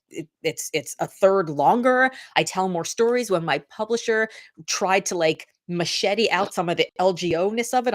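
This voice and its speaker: Middle-aged woman guest chatting away, acts out quotes, lots of likes. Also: mid-range voice. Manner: animated storytelling, acts out quotes. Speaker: author and guest. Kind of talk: casual interview chat.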